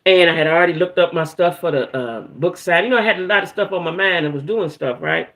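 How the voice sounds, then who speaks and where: A woman's voice: on the low side, quick pace, a bit bright. A woman hosting a casual live chat, talking straight to her viewers, often checking in with them and swearing freely as she tells her news. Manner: chatty, keeps checking in with "right?" and "y'all"; frequent restarts and stumbles. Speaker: livestream host.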